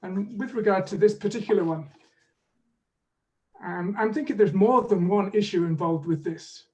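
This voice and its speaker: Man, webinar teacher, high voice, measured explaining, video call, distant from the mic. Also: a little mellow. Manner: measured and explanatory, leads drills. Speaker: pronunciation teaching expert, webinar guest. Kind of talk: online teaching webinar with demonstrations.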